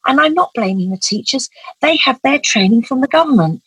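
A woman's voice: high-pitched, lively intonation, brisk, a bit bright, slightly rough, no echo, rough recording. A middle-aged woman, telling an emotional personal story as an interview guest in an earnest, vivid way. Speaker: guest, parent advocate.

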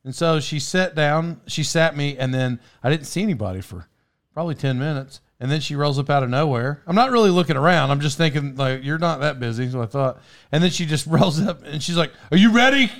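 Male podcast host with a fairly high voice, chatty and rambling, trips over his own sentences and laughs a lot, studio recording. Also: brisk. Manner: rambling, self-interrupting, laughs often. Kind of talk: casual storytelling chat.

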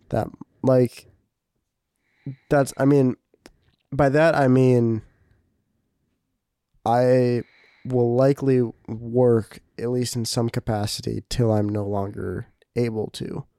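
A man's voice: medium pitch, slow pace, pauses often, dark tone, dry recording, clean studio sound. A man co-hosting a casual podcast, easygoing and hesitant as he thinks aloud. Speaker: podcast co-host.

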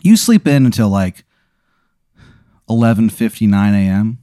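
Animated rambling man spinning a comic tale. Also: lowish voice, unhurried, dry recording, clean studio sound. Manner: animated rambling storyteller with goofy put-on voices. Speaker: podcast host. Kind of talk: improvised comedy bit.

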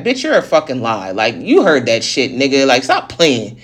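A vlogger venting through a personal story, blunt and full of swearing. The sentences pile up fast and run together in a heated, unfiltered flow. The pitch sits right in the middle of the usual range. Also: sing-song, a bit bright. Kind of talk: casual storytelling rant.

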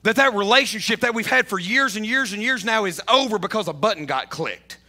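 A man preaching a sermon as a pastor, animated, often repeating himself and rising toward shouts. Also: high voice, fairly quick.

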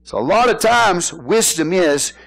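A man's voice: high-pitched, expressive, unhurried, gravelly, rough recording. A man preaching a sermon in church, folksy and joking, often asking the congregation questions. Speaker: pastor.

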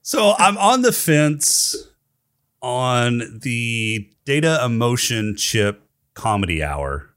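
A man in casual podcast banter, deliberate and opinionated as he argues his points. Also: medium pitch, very animated, a bit bright, dry recording, studio quality.

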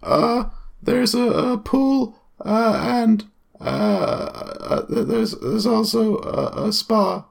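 A man voicing a dim-witted teenage male gym clerk who stammers and halts in a high, thin voice. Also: lively intonation, vocal fry, heavily acted. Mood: dithering. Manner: high-pitched, halting, stammering.

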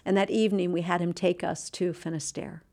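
A middle-aged woman, a Christian host and speaker, leads a devotional talk, speaking earnestly in slow, emphatic phrases and dropping to a soft, hushed tone in reflective moments. Her voice is fairly low-pitched with a steady tone.

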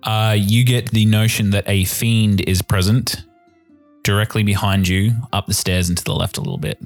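Low-pitched male game master, relaxed scene narration, faint music under. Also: normal speed. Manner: descriptive, relaxed narration with fillers.

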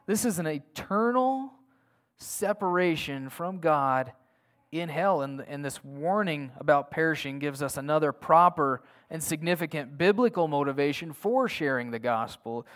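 Man, pastor, sermon, emphatic, earnest, fairly high voice. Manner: earnest, emphatic, with restarts and rhetorical questions.

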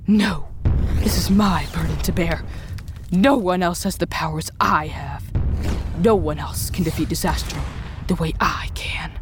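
A woman voicing a cocky young male superhero who insists on fighting alone, shouting out his own sound effects. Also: on the low side, measured pace, music in the background, close to an everyday voice. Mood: proud. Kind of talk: family audio drama acting.

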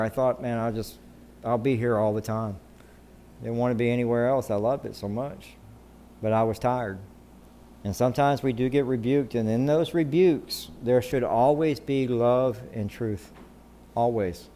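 A middle-aged male pastor preaches in a loose, conversational way, throwing in quick check-ins with his listeners and restarting his thoughts. His pitch sits in an ordinary middle range. A faint hum of background ambience sits under the recording. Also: a little mellow. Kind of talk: sermon.

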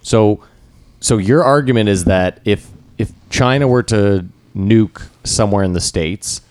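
A man's voice: lowish voice, unhurried, darkish tone, smooth, no room sound. A man co-hosting a casual podcast chat, arguing his point and pushing the others with questions. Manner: argumentative, pressing with questions. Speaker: podcast co-host.

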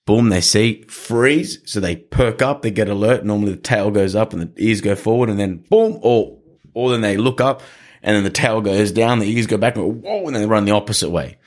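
A man with a somewhat low voice talks about training dogs in an easygoing conversation. He coaches earnestly, and he acts out little scenes along the way. His delivery stays practical and encouraging. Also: fairly quick. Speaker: dog trainer. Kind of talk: casual podcast conversation.

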